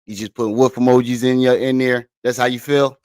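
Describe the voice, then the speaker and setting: Brisk and flat in delivery, this man's mid-range voice has a darkish, clean tone and a dry recording. He hosts a casual living-room livestream, cursing freely, chatting with viewers, and laughing at himself as he reads comments.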